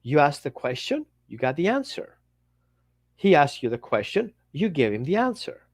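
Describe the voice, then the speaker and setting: A dog trainer talks casually to his listeners in a fairly high, very lively voice. He keeps acting out little dialogues as he teaches. The sound is close and dry. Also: moderate pace, no room sound. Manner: animated, acts out little dialogues.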